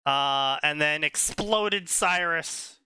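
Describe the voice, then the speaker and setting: A man's voice: a little high, slow, clear, resonant tone, dry recording. Laughing man mocking a story. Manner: animated, laughs often, mocking. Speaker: stream co-host reading fan fiction. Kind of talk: casual comedic commentary.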